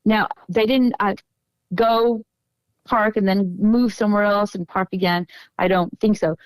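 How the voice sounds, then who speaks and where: Smooth-voiced middle-aged woman telling stories. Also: mid-range voice, steady tone, measured pace, no room sound, low-quality recording. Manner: meandering, self-correcting storyteller. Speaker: podcast guest. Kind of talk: casual storytelling interview.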